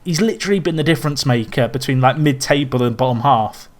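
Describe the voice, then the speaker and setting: Fast-talking English podcast guy. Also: mid-range voice. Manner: animated, ranting, self-deprecating. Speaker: podcast co-host. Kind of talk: casual football chat.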